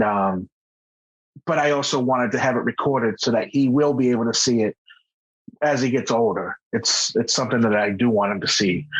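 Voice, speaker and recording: Husky-voiced man, halting and earnest. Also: mid-range voice. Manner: halting, earnest, with frequent restarts. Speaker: podcast guest. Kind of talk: candid personal conversation. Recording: dull lo-fi podcast audio.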